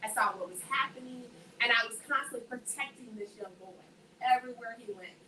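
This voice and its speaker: A woman shares her faith testimony with a group, animatedly acting out each person in her story. Her voice sits a little high and sounds bright and forceful. She is caught from some distance off the mic, in an echoey room with a faint hiss underneath. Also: brisk. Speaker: speaker giving a faith testimony.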